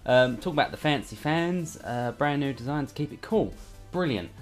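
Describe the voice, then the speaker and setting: Casual guy, cheeky and sweary, unboxing at home, average-pitched voice, faint music behind. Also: animated, normal speed. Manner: chatty, irreverent, swears casually. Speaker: hardware reviewer. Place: bedroom at home under a studio light.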